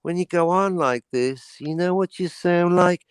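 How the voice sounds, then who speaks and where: A man's voice: sits high, unhurried, clean tone, dry recording, clean studio sound, voice pushed up. A man reading aloud the lines of a volatile young woman robber. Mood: mocking. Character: young woman robber, hair-triggered loose cannon.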